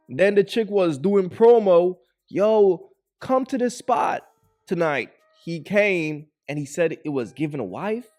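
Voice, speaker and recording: A man's voice: a little high, darkish tone. A man giving blunt reaction commentary on a clip, lecturing his listeners as "bro" and "fellas" with faint music behind him.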